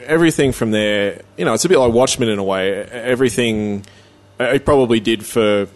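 A man's voice: medium pitch, a little fast. A man in a casual chat, rambling with many hesitations and restarts. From Australia. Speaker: podcast co-host.

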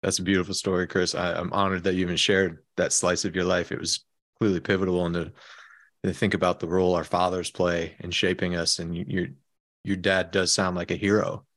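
A man hosting an interview, answering his guest softly and with affirmation. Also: low voice, level tone, fairly quick, no echo, clean studio sound. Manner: soft, affirming responses. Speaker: podcast host. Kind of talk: interview conversation.

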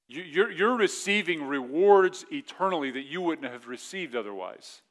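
A man's voice: on the high side, lively intonation, fairly bright tone. Conversational male pastor preaching. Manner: conversational preaching, acts out quick voiced asides. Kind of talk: sermon.

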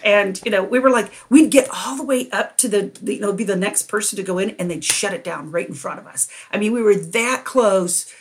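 A middle-aged woman, a podcast guest, telling a long personal story with lively energy and frequent laughter. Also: mid-range voice, a little fast, few pauses, slightly rough. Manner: animated, laughs often while telling a story. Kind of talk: storytelling in a conversation.

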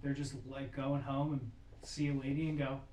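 Heard from a distance in a roomy, echoing space with faint noise behind, a man with a slightly higher voice recaps a movie in loose, casual chat. He acts out characters' lines in quick little quotes as he goes. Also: flat delivery, darkish tone. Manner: retells scenes with quick put-on quotes. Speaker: podcast co-host. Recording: echoey room, distant mic, faint noise.

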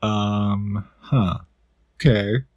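A man's voice: lowish voice, steady tone, extremely slow, darkish tone, no room sound. A man co-hosting a podcast, hesitant and full of ums, teasing his co-hosts. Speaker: podcast co-host. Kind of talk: casual podcast chat.

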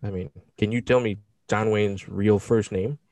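A young man co-hosting a podcast, animated and jokey, swearing freely in casual chat. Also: on the low side, moderate pace, no echo. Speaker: podcast co-host.

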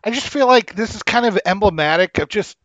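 A man's voice: high-pitched, expressive, fairly quick, fairly bright tone, no room sound, lo-fi sound. A man co-hosting a podcast through a headset mic, blunt and complaining, talking casually with swearing. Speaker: podcast co-host. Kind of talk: casual chat.

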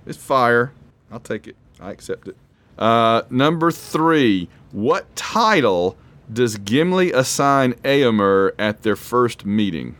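Guy running a trivia game, lively up-and-down voice, rambly and jokey. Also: mid-range voice, slow pace. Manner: animated, rambling, self-deprecating. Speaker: quiz host. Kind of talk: casual trivia chat.

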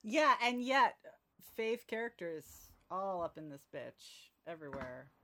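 A woman's voice: fairly low pitch, sing-song, unhurried, fairly bright tone. A woman hosting a casual book-club podcast, upbeat and teasing, laughing easily with her co-hosts. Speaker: podcast host.

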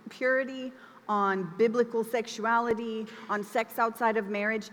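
A woman's voice: fairly high pitch, fairly bright tone. A woman giving a conversational, emphatic sermon, acting out the quoted lines as she preaches. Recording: long reverb of a large hall.

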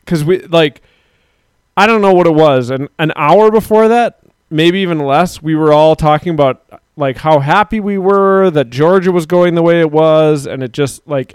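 A man's voice: a little high, clean tone, no echo. Rambling man in casual chat, dry sound. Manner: rambling, laughs often, swears casually. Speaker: podcast co-host.

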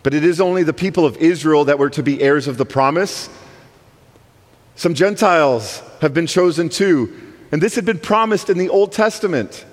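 A man's voice: on the high side, moderate pace. Emphatic male preacher in a reverberant church. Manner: emphatic, swinging between soaring and hushed delivery. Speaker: guest preacher. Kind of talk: sermon. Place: church sanctuary. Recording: long reverb of a church hall.

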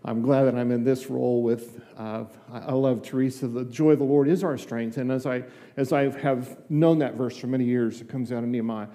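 A man's voice: mid-range voice, steady tone, fairly quick, few pauses, mellow, long reverb tail. An older man giving a conversational sermon as a guest preacher in a church, chatty and folksy, acting out little dialogues with asides. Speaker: guest preacher, district superintendent. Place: church sanctuary.

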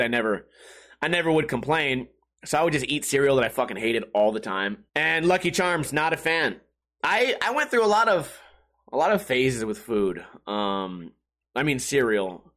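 A man's voice: fairly high pitch, a bit bright. A young man hosting a solo podcast, rambling casually with lots of swearing and laughing at his own jokes. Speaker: podcast host.

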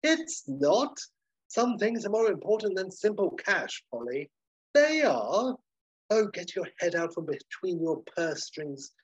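A man's voice: sits high, big pitch swings, slow pace, husky, dull audio, pitched above the performer's own voice, heavily acted. A man doing a pompous harried hotel owner. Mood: haughty. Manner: lofty, exasperated.

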